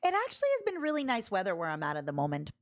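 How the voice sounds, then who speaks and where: Lively chatty woman streamer. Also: mid-range voice, very fast. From Canada. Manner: chatty, animated, laughs often, reads chat aloud. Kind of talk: casual livestream chat.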